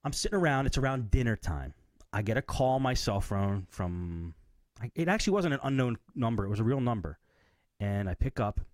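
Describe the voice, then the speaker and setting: A man's voice: medium pitch, expressive, brisk, no room sound, clean studio sound. A man co-hosting a casual late-night tech podcast, telling a story and acting out both sides of a phone call. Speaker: podcast co-host.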